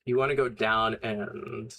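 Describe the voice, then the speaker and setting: A man's voice: lowish voice, steady tone, a little slow, fairly bright tone, a little hiss or hum. A young man casually commenting while streaming a game, blunt and rambling, swearing often.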